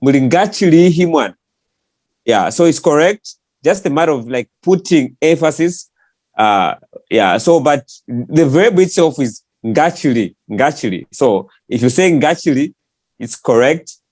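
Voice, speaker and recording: A man explaining a point in an online language class in a relaxed, casual way. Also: a little high, a little slow, no room sound. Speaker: co-teacher.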